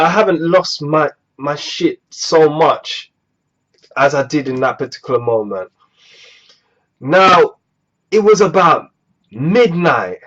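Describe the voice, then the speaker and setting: A young man telling a storytime vlog, animated and exasperated, swearing freely, on a dull lo-fi recording. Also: fairly high pitch. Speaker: vlogger.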